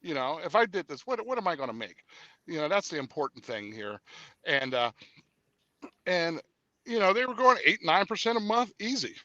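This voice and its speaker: Bright animated man telling a story. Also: a little high, normal speed, no echo, dull audio. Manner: animated storyteller, acts out dialogue; hesitant with fillers. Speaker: interview guest. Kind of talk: casual conversation.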